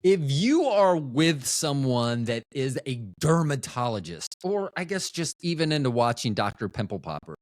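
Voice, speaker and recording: A man's voice: mid-range voice, sing-song, normal speed, few pauses, no echo, studio quality. Rambling man hosting a podcast. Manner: rambling, self-interrupting, trails off mid-thought; profane, offhand humor. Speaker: podcast host. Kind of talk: casual solo podcast chat.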